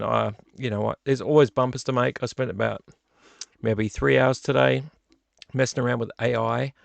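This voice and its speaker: A middle-aged man, chatting casually and rambling to viewers on his live stream from a home studio, with a gravelly voice. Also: mid-range voice, no room sound. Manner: rambling, chatty, self-deprecating. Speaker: vlog host.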